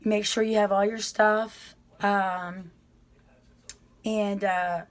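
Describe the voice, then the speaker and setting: A woman's voice: mid-range voice, flat delivery, very slow. A middle-aged woman telling her story to viewers in a chatty, rambling way, often apologizing and restarting her sentences. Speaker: vlogger sharing her prison experience.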